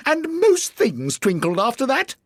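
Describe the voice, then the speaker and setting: Jittery hatter, trembling, pleading, squeaky high pitch, storybook character. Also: male voice, huge pitch swings, measured pace, no echo, studio quality, heavily acted. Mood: anxious. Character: timid, nervous male hatter. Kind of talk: audiobook character voice.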